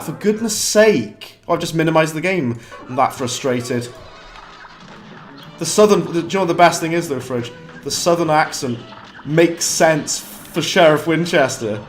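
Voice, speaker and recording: Streaming a game, a British man keeps up a chatty live commentary, mocking himself and erupting in brief flashes of frustration. His voice is a little high.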